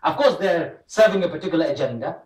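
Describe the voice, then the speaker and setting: Man, imam preaching, lively storytelling, fairly high voice, echoey hall, distant mic. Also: fast. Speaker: imam giving a talk. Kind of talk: religious talk to a congregation. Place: mosque community hall.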